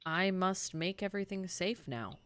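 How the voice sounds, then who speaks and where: A woman's voice: on the low side, expressive, a bit bright, a little hiss or hum. A woman playing a solemn lizardfolk druid. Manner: solemn, earnest, deliberate. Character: devoted lizardfolk druid parent.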